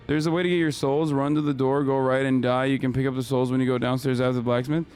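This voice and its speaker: A man streaming a video game and chatting with viewers, hoarse from screaming, frustrated and swearing, often restarting his sentences. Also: mid-range voice, flat delivery, fast, darkish tone, faint music behind. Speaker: live streamer. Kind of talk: casual gaming stream chat.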